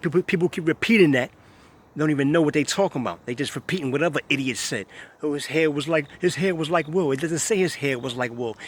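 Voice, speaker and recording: A man's voice: medium pitch, a bit bright, husky. A man talks straight to camera in an emphatic, scornful rant. He circles back to the same points again and again, pressing each one hard. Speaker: vlogger. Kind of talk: ranting monologue to camera.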